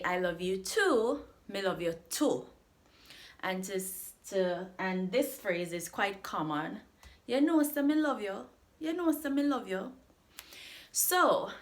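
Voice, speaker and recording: Jamaican woman teaching, slow and clear. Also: medium pitch. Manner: clear, deliberate, repeats phrases slowly. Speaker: patois teacher. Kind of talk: scripted language lesson to camera.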